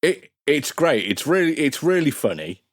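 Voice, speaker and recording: A man's voice: a little high, sing-song, moderate pace, no room sound, clean studio sound. A man chatting as a guest on a podcast, rambling and restarting his sentences. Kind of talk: casual podcast chat.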